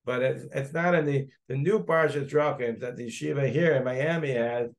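A man's voice: medium pitch, moderate pace. A man, a rabbi, teaching a Talmud class, thinking aloud as he searches through the text and digresses.

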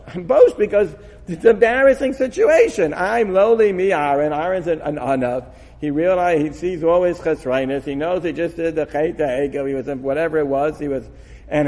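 A man giving an animated Torah lecture, acting out dialogue with frequent laughs. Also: a little high, creaky. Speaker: Torah teacher. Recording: long hall reverb.

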